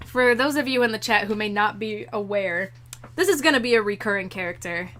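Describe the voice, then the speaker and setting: A woman's voice: mid-range voice, brisk, fairly bright tone. A woman streamer chatting casually and giggling at herself while playing a game. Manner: chatty, giggly, self-mocking. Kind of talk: casual gaming stream chat. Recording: game music behind the voice.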